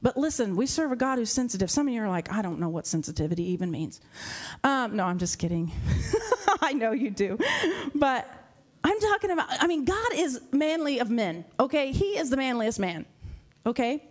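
A woman preaching a sermon to a congregation in a church, animated and laughing often. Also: sits high, moderate pace. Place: church hall with live audience.

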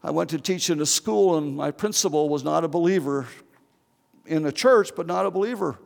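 A man's voice: a little high, a little fast, creaky, big-room sound. An older man preaching an earnest, heartfelt sermon as pastor, with pleading repetitions.

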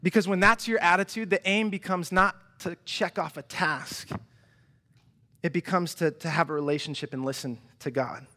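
A young man preaching a sermon in a church, animated and chatty, often restarting his sentences and acting out quoted voices. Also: high voice, normal speed. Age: young adult. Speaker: pastor. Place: church hall.

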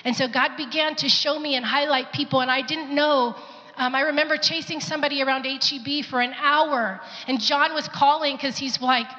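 Bright-voiced woman preaching in an echoing hall. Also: high-pitched, normal speed, lo-fi sound. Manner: earnest, acts out quoted voices. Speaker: pastor's wife sharing testimony. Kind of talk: sermon testimony.

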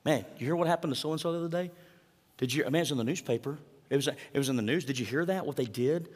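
A man's voice: fairly high pitch, quick pace, a little mellow. A male pastor, preaching in an easy conversational way. He asks the room questions and acts out quotes, and his voice rings with long reverb in a large church hall. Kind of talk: sermon.

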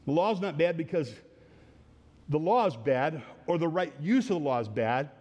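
A man's voice: on the high side, animated, normal speed, darkish tone, long reverb tail. A man preaching a sermon verse by verse, earnest, often repeating phrases and restarting his sentences. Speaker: pastor. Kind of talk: sermon teaching through a psalm.

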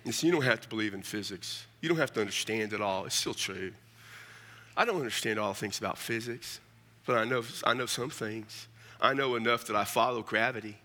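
A man's voice: fairly low pitch, fairly quick, bright, forceful tone. A middle-aged man preaching a storytelling sermon, folksy and humorous, often calling his listeners "man".

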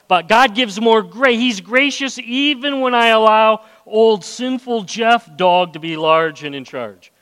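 A man's voice: sits high, unhurried, few pauses, fairly bright tone, smooth. A male pastor preaching a sermon, asking the congregation questions and acting out inner voices. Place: church hall. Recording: long hall reverb.

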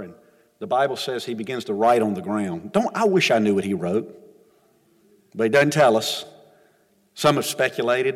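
Male preacher, emphatic and conversational storytelling, church hall reverb. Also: mid-range voice. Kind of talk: sermon. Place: church sanctuary.

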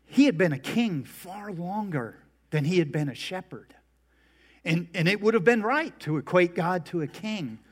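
A middle-aged man preaching a sermon, telling folksy stories and jokes. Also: high voice. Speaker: pastor. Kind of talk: humorous sermon.

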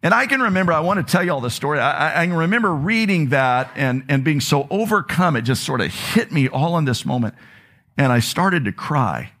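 A man's voice: on the high side, animated, brisk, fairly bright tone. A man preaching a sermon to a congregation, telling a personal story in an earnest, confessional way. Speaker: pastor.

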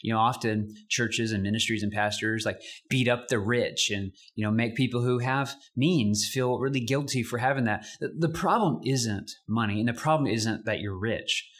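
A young adult man preaching a sermon as pastor, conversational and animated, with casual asides. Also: mid-range voice, normal speed, hardly any pauses.

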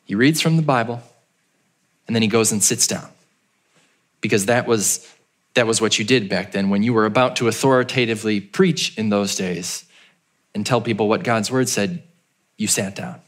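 In his sermon, a male pastor relates the story, raising his voice to portray the townspeople and lowering it to a quiet murmur for emphasis. He speaks at a moderate pace and pauses often.

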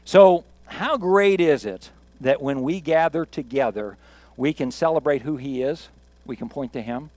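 A male pastor delivers his sermon in an easygoing, joking way, doubling back on words for emphasis. His voice sits notably high. The sound is dry and close, with little room around it. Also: measured pace, darkish tone, no echo. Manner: conversational, jokey, emphatic with repeats.

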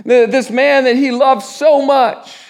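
A man preaching a sermon in a church, often restarting his words and dropping to a hush at the solemn parts. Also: extremely high pitch, steady tone. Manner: halting restarts, drops to a hush at solemn moments. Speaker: pastor.

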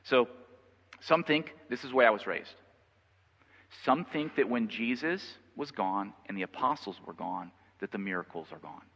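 A man preaching a sermon as pastor, conversational and repeating himself, rising to loud passionate stretches. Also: fairly low pitch, expressive, normal speed, gravelly, slightly rough. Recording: long reverb, dull lo-fi sound.

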